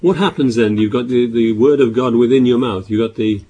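A man with a medium-pitched voice is preaching a sermon, reading scripture aloud at a louder volume and then explaining it with halting restarts and repeated words.

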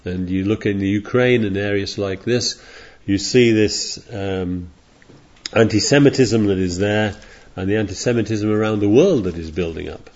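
A man's voice: lowish voice, normal speed, a little mellow. A man preaching a sermon in a rambling, digressive way, reading scripture aloud as he goes. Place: congregation in California. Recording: dull lo-fi sermon recording.

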